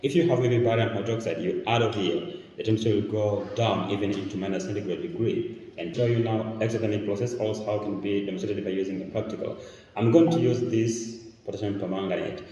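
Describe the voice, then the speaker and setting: A man's voice: on the low side, fast, warm tone, muffled recording, slight background noise. Tanzanian man teaching chemistry in an echoey room. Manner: explanatory, step by step. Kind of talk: classroom demonstration lesson. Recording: echoey room, mic far off.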